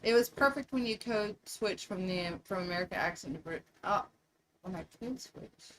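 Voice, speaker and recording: A middle-aged woman with a Southern US accent, hosting a casual livestream chat, animated and laughing often. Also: medium pitch, normal speed, background noise. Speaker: livestream host.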